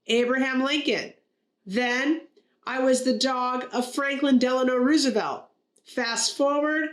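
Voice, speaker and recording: A woman voicing a male talking dog who calmly brags about his life as a joke is told. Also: high-pitched, reverberant. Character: boastful talking male dog, calm storyteller.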